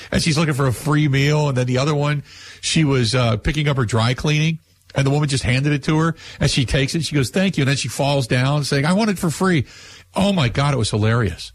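A man's voice: mid-range voice, brisk, no echo. A man hosting a call-in sports radio show, talking casually and rambling with fillers and restarts. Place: radio studio.

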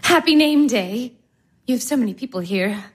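An actress playing a shy, flustered young fiancee. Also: female voice, fairly high pitch, lively intonation, moderate pace, lightly acted. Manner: flustered, self-conscious. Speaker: fiancee, guest. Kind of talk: stage drama acting.

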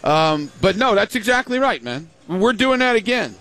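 A man's voice: sits high, sing-song, normal speed, fairly bright tone. An older man, a grandfather, chatting casually on a show and telling family stories, acting out the voices he quotes. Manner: storytelling, acts out quoted voices. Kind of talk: casual chat.

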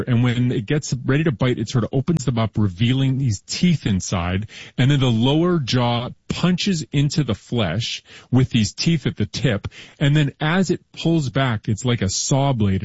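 A man's voice: mid-range voice, a little mellow, slightly rough, no room sound, highs cut off. A man in his thirties or forties, co-hosting a casual science chat, explaining with enthusiasm and lots of fillers. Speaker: podcast co-host.

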